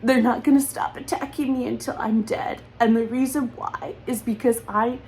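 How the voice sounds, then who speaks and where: A woman's voice: fairly high pitch, steady tone, normal speed, darkish tone, soft background music, poor audio. A woman speaking in an emotional personal monologue, accusatory and repetitive, holding back tears. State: close to crying.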